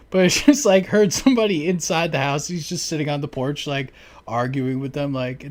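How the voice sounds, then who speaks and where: A young man telling neighbor stories in casual chat, rambling and profane, packing every sentence with "like" and breaking into loud mocking voices. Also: a little fast. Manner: rambling, profane, heavy use of "like"; mimics neighbors in loud high-pitched voices.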